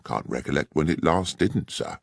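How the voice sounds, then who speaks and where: A man's voice: rumbling low, lively intonation, moderate pace, creaky, no room sound, clean studio sound, heavily acted. A male narrator voicing a plain-spoken country railwayman who answers in a deferential, matter-of-fact way.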